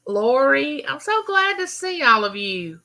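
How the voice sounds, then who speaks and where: A YouTube host from Mississippi, middle-aged with a Southern accent, greets viewers by name in a casual live chat. She has a high, sing-song voice that is bright and forceful, and she takes her time. The recording is rough.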